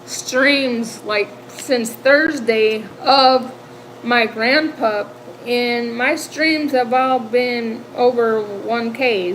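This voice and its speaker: A woman's voice: on the high side, a little hiss or hum, poor audio. Chatty, emotional Midwestern grandmother in her fifties. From American Midwest. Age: 50s. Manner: emotional, chatty, laughs often, repeats words. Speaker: livestream host. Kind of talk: casual livestream chat with viewers.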